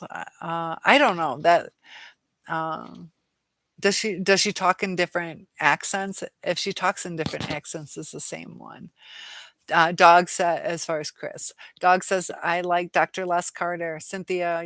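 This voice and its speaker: A woman's voice: lowish voice, steady tone, unhurried, fairly bright tone, dry recording. A tired woman hosting a live chat, reading viewer comments aloud and hesitating often. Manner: hesitant, many fillers and restarts. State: tired and dizzy.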